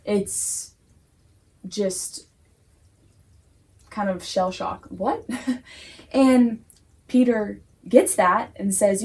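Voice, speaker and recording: A woman co-leading a casual Sunday school discussion, playful and quick to laugh. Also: mid-range voice, a little mellow.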